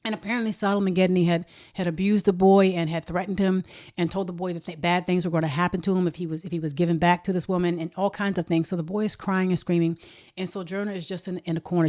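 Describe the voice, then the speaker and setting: Woman storyteller, lower register, quick animated delivery with repeated words. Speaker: history storyteller. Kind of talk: casual spoken storytelling.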